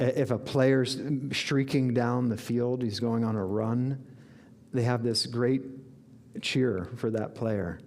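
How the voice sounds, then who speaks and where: A man's voice: mid-range voice, darkish tone, a little hiss or hum. A man giving an inspirational sermon as a spiritual teacher, earnest and reflective, with bursts of enthusiasm.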